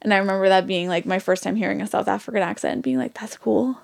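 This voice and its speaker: A woman's voice: medium pitch, level tone, racing, gravelly. A young adult woman co-hosting a podcast in casual chat, chatty and eager to tell stories. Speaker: podcast co-host.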